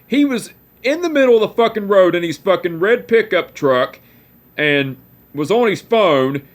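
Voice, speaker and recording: This is a young man in his twenties with a drawl and a somewhat higher pitch than most men. He rambles through his story, restarting sentences and swearing freely. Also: animated, moderate pace. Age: 20s. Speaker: vlogger. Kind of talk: casual storytelling to camera.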